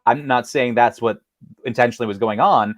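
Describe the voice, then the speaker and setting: A man co-hosting a casual film chat, talking in halting, rambling sentences with many fillers and restarts. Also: medium pitch, no room sound, studio quality. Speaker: co-host.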